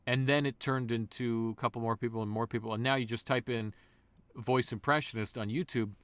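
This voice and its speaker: Animated man telling stories, dry sound. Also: mid-range voice, fairly quick, dry recording. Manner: animated storyteller, slips into voices. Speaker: guest voice actor. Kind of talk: casual interview chat.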